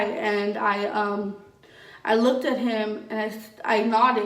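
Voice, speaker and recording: A woman's voice: medium pitch, steady tone, slow pace, fairly bright tone, distant mic. Young woman vlogger, rambling and swearing. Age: young adult. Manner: rambling, filler-heavy, swears often. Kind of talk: casual storytelling vlog. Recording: roomy echo, voice a bit off-mic.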